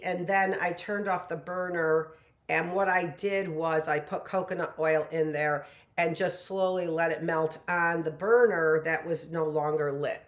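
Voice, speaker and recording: A woman's voice: low voice, roomy sound. A woman in her late fifties giving a rambling, chatty live lesson from her home kitchen. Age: 50s. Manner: rambling, chatty, lots of "you know". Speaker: teacher. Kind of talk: casual live-stream lesson.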